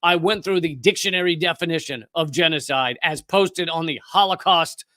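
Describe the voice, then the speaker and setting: A man hosting a live political commentary stream, talking fast and heatedly with frequent restarts. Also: on the high side, sharp tone, no echo. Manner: impassioned, fast, with restarts and profanity.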